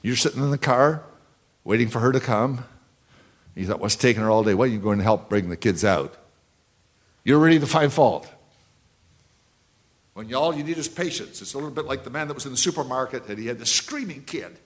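A man around seventy preaching a sermon, telling anecdotes and repeating key phrases, swinging between loud and hushed delivery. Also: medium pitch, expressive, a little fast, long pauses.

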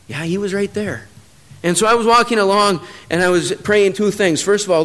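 A man with a high voice preaching a sermon. He tells stories from his own life, dropping low and quiet, then building to loud, emphatic peaks. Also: brisk.

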